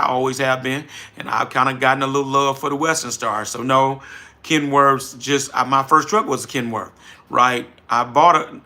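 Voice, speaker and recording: A middle-aged man with a New Orleans accent hosting a casual livestream, folksy and animated as he answers viewers directly. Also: medium pitch. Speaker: livestream host, trucking business owner.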